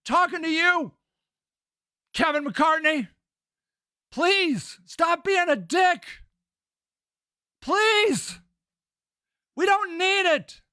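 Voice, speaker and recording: A man's voice: very high-pitched, slow, pauses often, pushed and bright, no echo, clean studio sound. A middle-aged man hosting a live stream, reading chat and talking back in a sarcastic, profane, rambling way.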